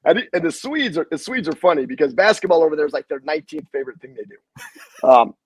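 A man's voice: fairly high pitch, quick pace, breathy edge, no room sound, poor audio. A middle-aged man, a head basketball coach, telling stories in a casual interview, acting out quotes with salty language. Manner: animated storyteller, acts out quotes, salty language.

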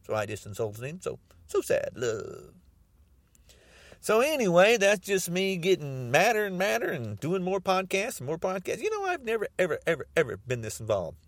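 A man's voice: high-pitched, huge pitch swings, fairly quick, hardly any pauses, dry recording. A man podcasting a ranting political monologue, mocking and repeating himself.

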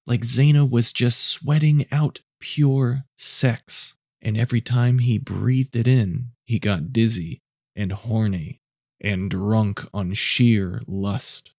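A man narrating a scripted story in a measured, low-key way. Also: mellow, no echo, clean studio sound.

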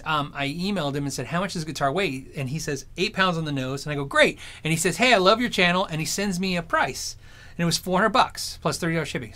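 A man with a high, bright voice chats casually to his viewers. He rambles through anecdotes with animated energy, speaking as a streamer. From Arizona. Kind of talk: casual storytelling chat.

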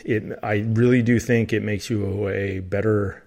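A man's voice: fairly low pitch, a little slow. Laid-back man, rambling. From United States. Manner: rambling, restarts and corrects himself often; relaxed, chatty storytelling. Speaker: podcast host. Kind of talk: casual solo podcast monologue.

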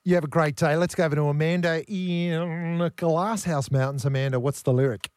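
A man's voice: a little high, fairly even intonation, moderate pace, darkish tone, clean tone, dry recording. An Australian man hosting a breakfast radio show, in casual, teasing banter with callers and laughing often. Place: radio studio.

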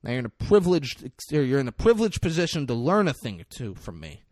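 A man's voice: mid-range voice, fast, no echo, clean studio sound. A man casually recapping a film with a co-host, acting out the characters' lines and swearing freely. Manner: animated, acts out movie lines with big vocal swings and swearing. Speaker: podcast co-host. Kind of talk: casual movie recap chat.

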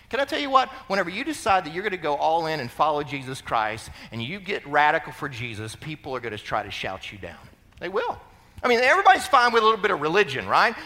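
A high, bright male voice preaching with a lively, swooping delivery. He talks to the congregation casually, then bursts into loud cries when he quotes the figures he is describing. Long reverb from a large hall rings behind him. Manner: animated preaching, shouting out quoted cries, conversational asides. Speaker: pastor. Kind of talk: sermon.

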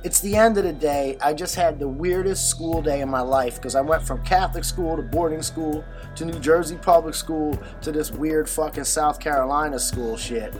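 A man's voice: a little high, moderate pace, hardly any pauses, music in the background. An adult man telling a personal story in a candid, conversational way, swearing often and using many fillers. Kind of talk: casual storytelling monologue.

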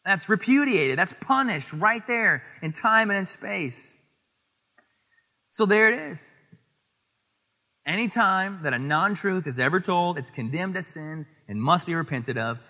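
A man preaching a sermon as pastor, lively and animated, quoting scripture and acting out little voices in his stories. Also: high voice, normal speed, in a large hall. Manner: animated, acts out voices in anecdotes, quotes scripture.

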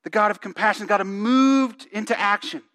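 A man's voice: sits high, normal speed, fairly bright tone. A male pastor giving a conversational sermon, reading scripture aloud and asking the congregation questions. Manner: reads scripture aloud with emphasis.

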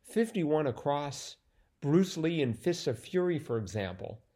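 A man's voice: on the high side, sing-song, unhurried, mellow. A man in casual chat about a crossword, rambling and restarting his sentences with lots of fillers, sounding sleepy. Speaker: crossword podcast co-host.

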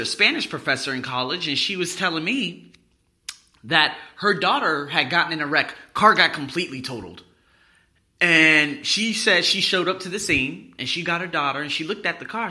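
A man's voice: fairly high pitch, pushed and bright. A young man hosting a podcast, telling a personal story in a blunt, profane, rambling way. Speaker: podcast host.

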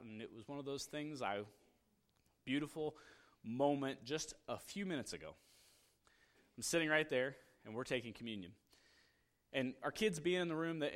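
A middle-aged man preaching a sermon in a relaxed, conversational way, like he's telling a story to friends. He drops into quiet asides and then lifts his voice to press a point home. His pitch sits in an ordinary male middle range. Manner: conversational storytelling, swinging between hushed asides and raised emphasis. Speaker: pastor.

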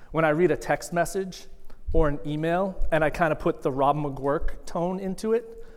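A man preaching in a big church sanctuary, his fairly high voice carrying a long reverberant tail. He talks conversationally and pokes fun at himself, swinging between soft asides and fuller, emphatic lines. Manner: conversational, self-deprecating, with lively shifts in loudness. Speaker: guest preacher. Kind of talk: sermon.

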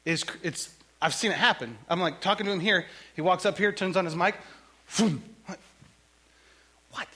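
A male pastor preaching a sermon in a church, joking and conversational in an animated way. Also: high voice, normal speed, pauses often, breathy edge.

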